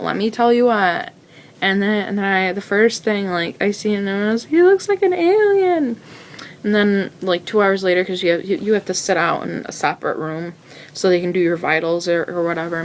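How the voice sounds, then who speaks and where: A woman's voice: lowish voice, a little hiss or hum. A teenage woman telling her own story in a rambling, casual way, full of fillers and restarts. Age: teens.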